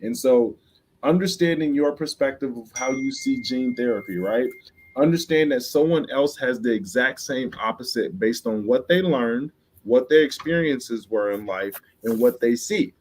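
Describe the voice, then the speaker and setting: A man's voice: mid-range voice, expressive, normal speed, a little hiss or hum. A man from the Midwest talking as a love coach on a podcast, emphatic, often restarting phrases and coaxing the listener to see his view. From Chicago, US Midwest. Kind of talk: podcast interview talk.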